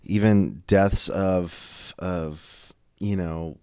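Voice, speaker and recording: A young man co-hosting a church podcast, talking in a casual, halting way full of fillers and restarts. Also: deep voice, steady tone, dark tone, smooth. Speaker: podcast co-host. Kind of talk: casual faith discussion.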